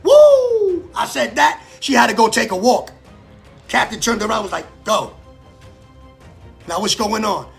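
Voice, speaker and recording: Guy with a gravelly, kinda high voice telling his story, animated, acts out what people said, cusses a lot, faint music under it. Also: fairly quick. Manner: animated, acts out quoted voices, swears freely. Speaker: storyteller recounting prison life. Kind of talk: casual storytelling monologue.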